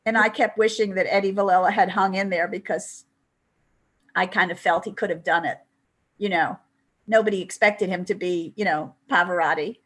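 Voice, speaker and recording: A woman's voice: medium pitch, fairly even intonation, moderate pace, fairly bright tone. An older woman, a guest in an interview, telling long stories in a chatty way with many asides. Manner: chatty storytelling, many "you know" asides. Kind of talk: anecdotal interview.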